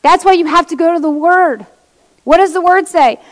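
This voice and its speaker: High-voiced woman preaching in a reverberant hall. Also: moderate pace. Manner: impassioned, reads scripture aloud, talks directly to congregation. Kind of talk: sermon.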